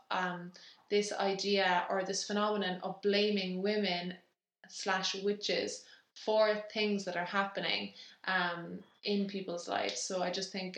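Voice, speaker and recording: A woman's voice: mid-range voice, fairly bright tone. A woman co-hosting a podcast, chatting casually with lots of fillers and restarts. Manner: rambling, filler-heavy, restarts. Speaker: podcast co-host. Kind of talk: casual chat. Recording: echoey room.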